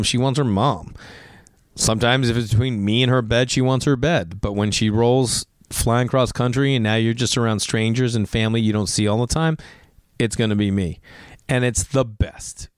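A middle-aged man, a comedian hosting a podcast, chatting casually in a rambling, animated way with lots of restarts and asides. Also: mid-range voice, clean tone, no echo, clean studio sound.

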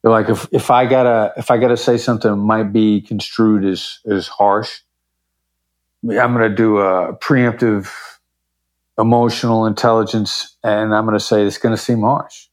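A man with a fairly low voice speaks in a relaxed, conversational interview. He explains his points with confident emphasis, now and then acting out the phrasing he recommends. He comes across as an expert guest. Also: moderate pace. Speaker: podcast guest, negotiation expert.

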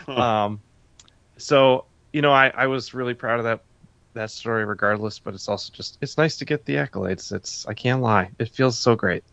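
A man, a comic artist guest, chatting casually, excited and laughing often. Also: mid-range voice, moderate pace, gravelly, dry recording, dull audio. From Chicago area. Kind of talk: casual chat.

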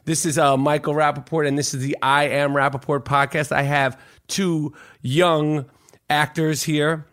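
A man's voice: a little high, level tone, unhurried, fairly bright tone. A man hosting a podcast in casual banter, brash, teasing and full of swearing. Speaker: podcast host.

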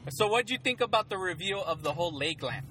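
Excitable man in casual movie chat. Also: high-pitched, fast talker, a little hiss or hum. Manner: excitable, laughs a lot, retells scenes in put-on voices. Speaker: co-host of a movie discussion.

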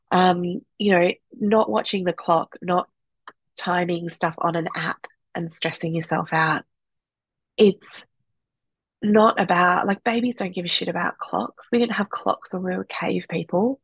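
A woman's voice: on the low side, steady tone, a little slow, husky, dry recording, low-quality recording. A woman, a breastfeeding support worker talking candidly and bluntly, swearing freely. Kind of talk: candid advice talk.

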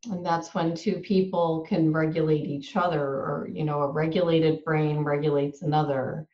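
Woman host, measured and thoughtful, lowish voice, echoey room, dull audio. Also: little pitch movement. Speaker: interviewer. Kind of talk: conversational interview.

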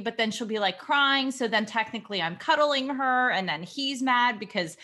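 Woman, mother, chatty and candid, rambling, slightly high pitch. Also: measured pace, hardly any pauses, sharp tone. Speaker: mother asking for advice. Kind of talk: casual chat.

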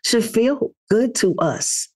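A woman hosting a podcast in casual chat, relaxed and laughing, often repeating words as she talks. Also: on the high side, slow pace. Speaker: podcast host.

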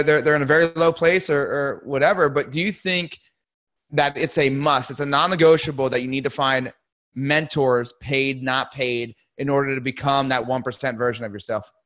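A man's voice: on the high side, fairly bright tone. A man hosting an interview, agreeable and giving short affirmations before asking his question. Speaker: interview host.

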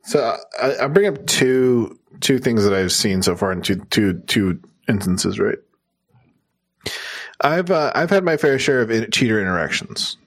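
A man's voice: medium pitch, animated, measured pace, fairly bright tone. A man co-hosting a casual gaming podcast, talking at length and repeating words as he thinks. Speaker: podcast co-host.

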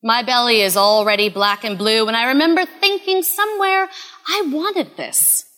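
A woman in her thirties telling a personal story in an earnest, confessional way, often dropping to a hush. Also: a little high, normal speed, in a large hall. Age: 30s.

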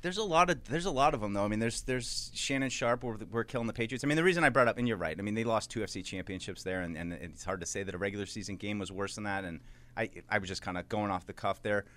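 A man's voice: lowish voice, fast, fairly bright tone, no room sound. A man co-hosting a sports podcast in casual talk, rambling with frequent restarts and fillers. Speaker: podcast co-host.

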